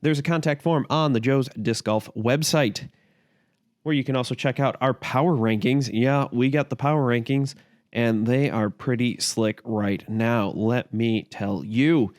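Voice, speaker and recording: A man's voice: medium pitch, measured pace, no room sound, studio quality. A man hosting a podcast in a casual, chatty, easygoing way. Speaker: podcast host.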